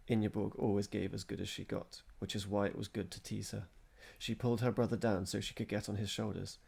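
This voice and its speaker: A man narrates a story in a steady, measured way. His low voice is gravelly with a husky edge.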